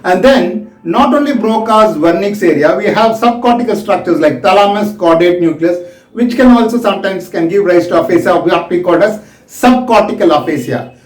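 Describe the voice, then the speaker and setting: Guy teaching medicine, highish voice, slow and careful, roomy echo. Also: animated. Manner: slow, explanatory, acts out examples. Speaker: medical lecturer. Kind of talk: recorded medical lecture. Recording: echoey room, voice from a distance.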